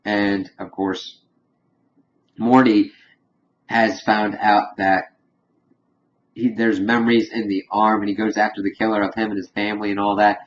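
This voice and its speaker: A man casually recapping a cartoon episode in a rambling way, full of fillers and quick acted quotes. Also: fairly low pitch, flat delivery. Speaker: reviewer. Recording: dull lo-fi home recording with faint hiss.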